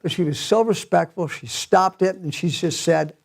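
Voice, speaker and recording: A man preaching a sermon as pastor in a church, telling the story in an animated way and chuckling often. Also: high voice, moderate pace, vocal fry.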